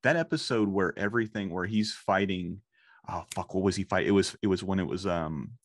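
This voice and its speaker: A man in his thirties, a guest gushing about a cartoon in casual chat, excitable and close to tears, swearing freely. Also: deep voice, brisk, no echo. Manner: emotional, swearing, excitable storytelling. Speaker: guest, fan of the show.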